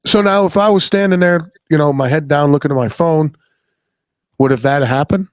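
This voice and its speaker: Blunt, swearing middle-aged podcast host. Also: male voice, on the high side, moderate pace, dry recording. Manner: blunt, swears freely, rambling and folksy. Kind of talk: casual storytelling chat.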